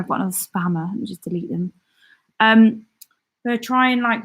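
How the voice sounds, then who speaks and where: A young woman hosts a relaxed live stream at a middle pitch. She reads viewers' comments aloud and answers each one in an easy, chatty way. She laughs often and corrects her own words as she goes. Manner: often laughs and corrects herself mid-sentence. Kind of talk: casual live-stream chat.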